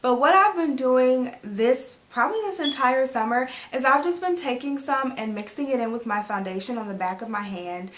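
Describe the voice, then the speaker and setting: A woman's voice: a little high, a bit bright. A young woman chatting to camera as a beauty vlogger, gushing and repeating herself as she reviews products. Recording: echoey room.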